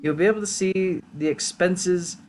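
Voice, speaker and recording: A formal male royal advisor reports in a measured, deferential tone, as a man reads him for a game. His voice stays close to an everyday speaking voice. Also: high voice, a little mellow, a little hiss or hum, voice pushed up, lightly acted.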